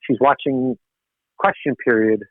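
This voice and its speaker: A man's voice: medium pitch, measured pace, no room sound. Middle-aged man on a phone line. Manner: rambling and animated, many restarts. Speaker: guest, political missionary. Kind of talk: podcast interview. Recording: tinny phone line, dry.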